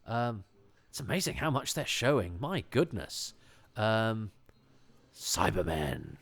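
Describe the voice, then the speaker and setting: A man's voice: fairly low pitch, big pitch swings, slow pace, a bit bright. A man from England hosting a podcast, talking casually on his own, rambling with many restarts and enthusiastic asides. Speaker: podcast host. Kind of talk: casual solo commentary.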